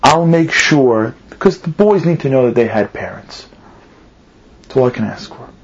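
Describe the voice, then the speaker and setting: A man voicing a calm, reassuring nun, speaking softly and steadily with a husky, slightly muffled sound. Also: medium pitch, moderate pace.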